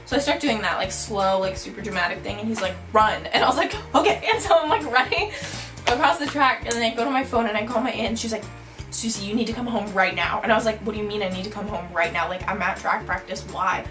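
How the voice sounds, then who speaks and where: A young woman telling a storytime vlog, bubbly and animated, saying "like" constantly. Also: mid-range voice, quick pace, over music, low-quality recording. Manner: bubbly, animated, heavy use of "like". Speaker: vlogger.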